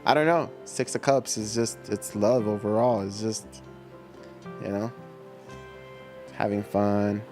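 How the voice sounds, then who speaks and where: A man's voice: lowish voice, steady tone, takes it slowly, pauses often, music in the background. A middle-aged man hosting a livestream, chatting casually with viewers in a laid-back, slangy way and laughing often. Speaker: livestream host reading chat. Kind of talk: casual chat reading viewer comments.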